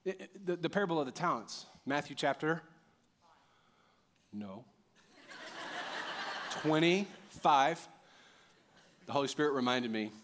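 Man, pastor, sermon, animated, joking, emphatic peaks, fairly high voice. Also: slow, long pauses, a little hiss or hum. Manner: animated, jokey, rising to loud emphatic peaks.

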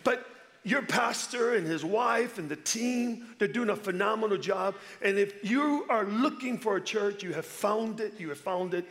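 A man in his fifties from Chicago preaching a sermon as a visiting pastor. His voice sits high for a man, and he keeps it lively and playful, urging the congregation to answer him. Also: moderate pace. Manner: energetic, playful, calls for audience response. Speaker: guest pastor.

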